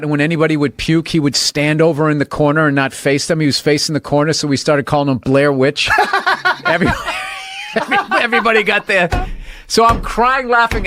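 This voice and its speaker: A male comedian spinning a story in a casual podcast chat, curses sprinkled throughout. His voice sits a bit high and swings widely in pitch as he laughs his way along. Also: big pitch swings, brisk, noisy background. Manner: swearing, storytelling, laughing often. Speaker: comedian guest.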